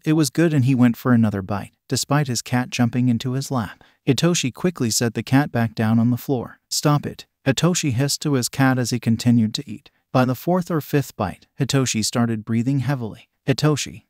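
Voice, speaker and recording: A man reading a story aloud as narrator, in an even, flat manner. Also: mid-range voice, dry recording, studio quality. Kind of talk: synthetic-sounding storytelling narration.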